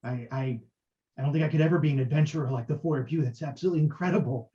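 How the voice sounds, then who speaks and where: A man's voice: fairly high pitch, very fast, warm tone, natural voice. A man voicing an eager, starstruck townsman who stammers and gushes with admiration, in a tabletop game. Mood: awestruck. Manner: stammering, gushing. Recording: dull lo-fi audio.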